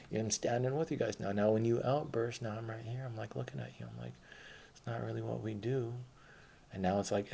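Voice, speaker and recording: A man's voice: on the low side, gravelly, darkish tone, slight background noise. A man reads his old posts aloud and comments on them in a rambling, blunt and profane way. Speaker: former protester recounting his past.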